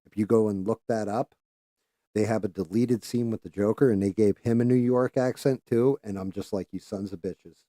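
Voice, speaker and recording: A man with a low, warm, mellow voice talks casually on a livestream, rambling from one thought to the next and swearing freely. He trails off now and then while busy with careful handwork at his desk. The sound is dry and close. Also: fairly even intonation, normal speed, no room sound. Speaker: livestream host.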